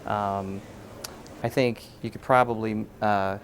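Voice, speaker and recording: A man with a low, gravelly voice calmly explains how cartoon backgrounds are painted and hands out notes to a painter. He talks in an unhurried way, pausing often with an "uh", and a faint hiss sits behind him. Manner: calm, many "uh" pauses.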